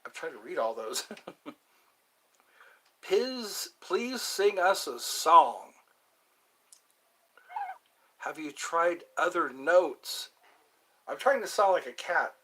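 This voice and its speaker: A man's voice: on the high side, big pitch swings, slow, long pauses, fairly bright tone, a little hiss or hum. A man hosting a casual livestream, rambling between topics and greeting viewers as they join. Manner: rambling, drifts between topics and hums snatches of songs. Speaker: livestream host.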